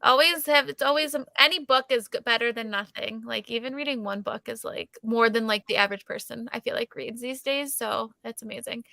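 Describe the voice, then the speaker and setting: Chatty, bright young woman host. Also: a little high, brisk, creaky, hardly any pauses, dry recording, clean studio sound. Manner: chatty, many "like" fillers, laughs often. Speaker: livestream host. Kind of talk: casual chat.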